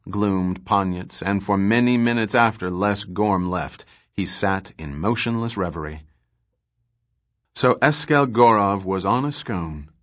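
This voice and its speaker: A man narrating a science fiction story in measured, even storytelling. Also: on the low side. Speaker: audiobook narrator. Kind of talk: scripted narration.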